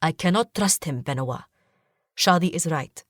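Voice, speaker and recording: A woman's voice: sits low, animated, moderate pace, no room sound, studio quality. A woman voicing a protective, jealous young husband, a sultan, speaking tersely and guardedly.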